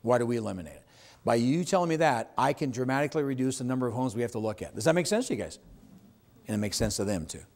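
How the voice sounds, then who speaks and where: A man's voice: medium pitch, lively intonation, quick pace, a little mellow. A man teaching real estate agents at a live seminar, making his points with emphasis and putting questions to the audience. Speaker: real estate sales trainer. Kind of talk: live sales training seminar.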